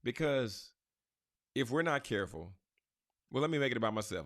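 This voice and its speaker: A man gives a motivational scripture talk with an emphatic, preacher-like delivery. He speaks straight to his listeners. His voice sits at an ordinary pitch and is recorded dry and close. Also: animated, moderate pace, pauses often, a bit bright, no room sound. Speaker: podcast host.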